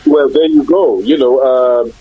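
A husky-voiced man talks with firm emphasis, doubling words as he hunts for the next thought. His pitch sits in a middle register. The audio is dull and lo-fi. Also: unhurried. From Nigeria. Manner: emphatic, repeats words while searching for them. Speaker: broadcaster and conference moderator. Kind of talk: casual interview talk.

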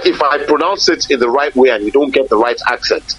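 A man's voice: fairly high pitch, wildly swooping pitch, quick pace, a bit bright. A man, a broadcaster and conference moderator, talking in a casual interview, emphatic and repeating words as he searches for them. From Nigeria. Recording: husky voice on dull lo-fi audio.

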